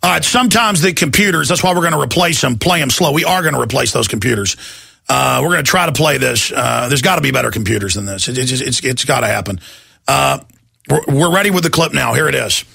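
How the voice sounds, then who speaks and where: A man hosting a talk radio show, yelling and ranting about politics and mocking what he opposes in put-on voices. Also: mid-range voice, lively intonation, fast, gravelly, slightly rough. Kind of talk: impassioned political radio rant.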